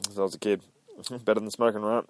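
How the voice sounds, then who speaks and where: A man's voice: on the low side, flat delivery, fast talker, lightly acted. A man voicing a jaded male agent with a dry, sarcastic manner.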